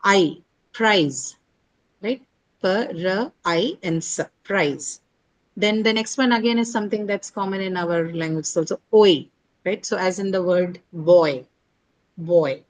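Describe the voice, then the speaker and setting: A woman's voice: lowish voice, takes it slowly, poor audio. A woman teaching an English pronunciation lesson, spelling words out letter by letter and checking in with "right?" after each point. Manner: explains patiently, asks "right?" after most points. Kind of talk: online phonetics lesson.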